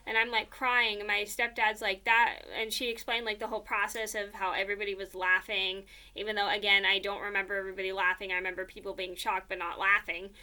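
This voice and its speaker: Woman, young adult, bright tense voice, rambling casual storytelling, lots of filler. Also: medium pitch, level tone, quick pace, hardly any pauses. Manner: rambling, many fillers and "blah, blah, blah".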